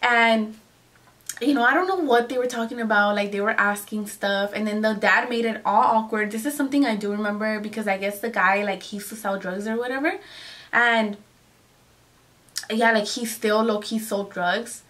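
A woman's voice: mid-range voice, moderate pace, fairly bright tone, recorded from a distance. A young woman telling a casual storytime to her viewers, chatty and full of "like" and "you guys", slipping into Spanish phrases. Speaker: vlogger.

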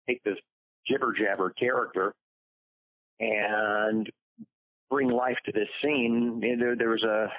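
A man voice actor telling lively stories in an interview, acting out the quotes. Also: on the low side, no echo. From United States. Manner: lively storyteller, acts out quotes. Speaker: voice actor guest. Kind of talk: interview anecdotes. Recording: dry phone-like line.

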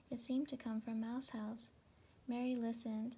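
A woman giving a relaxing reading of a children's storybook, narrating softly with some words in a whisper. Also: fairly high pitch, flat delivery, normal speed, breathy edge, low-quality recording. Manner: soft, partly whispered narration. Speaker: storybook reader.

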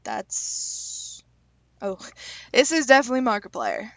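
Young woman, slightly high voice, joking casual vlogger, close dry mic. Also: wildly swooping pitch, dry recording. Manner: chatty, self-deprecating, reads questions aloud and answers with quick jokes. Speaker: YouTuber taking online quizzes. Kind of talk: casual vlog commentary.

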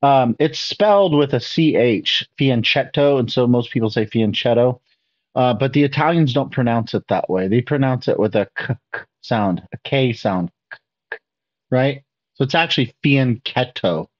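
A man with a medium-pitched voice and lively intonation talks at a moderate pace, though the high frequencies are cut off. He hosts a chess video, reacting to a lesson with casual commentary, walking viewers through the moves step by step and putting questions to them.

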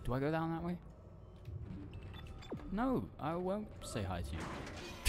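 A man commentating a horror game, excitable, swearing and shrieking when scared. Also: a little high, slow pace, long pauses, background noise. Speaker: gaming YouTuber. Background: game music.

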